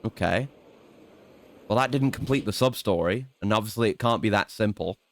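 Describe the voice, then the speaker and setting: A man's voice: lowish voice, moderate pace. A man streaming a video game, rambling and swearing casually as he plans his next moves and mocks himself. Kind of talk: casual let's-play commentary.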